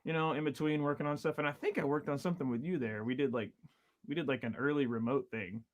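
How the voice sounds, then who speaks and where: A man's voice: a little high, fast talker, muffled recording. A man in his thirties, a drummer guest telling long stories in casual chat, rambling with many fillers and laughs.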